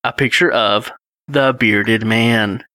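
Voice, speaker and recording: Man, 30s, casual co-host chat, animated storyteller, bright voice, dry sound. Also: on the low side, slow, no room sound. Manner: animated storytelling with chuckles, reading passages aloud. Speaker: podcast co-host. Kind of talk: casual chat retelling a gamebook read with his child.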